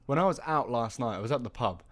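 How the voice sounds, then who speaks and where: A man's voice: mid-range voice, animated, quick pace, fairly bright tone. A young man co-hosting a podcast, rambling and teasing his friend in casual chat. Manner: rambling, teasing, trails off mid-sentence. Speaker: podcast co-host.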